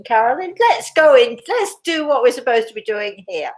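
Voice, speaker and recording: An older British woman with a British accent hosts a casual livestream, chatting, rambling, laughing easily and taking audience questions. Her fairly high voice is very animated, moving at a moderate pace with hardly any pauses.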